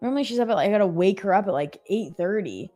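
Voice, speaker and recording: A woman's voice: mid-range voice, animated, quick pace, warm tone, soft background music. A woman in her thirties co-hosting a live trading stream, chatty and self-mocking, asking questions. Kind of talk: casual live trading chat.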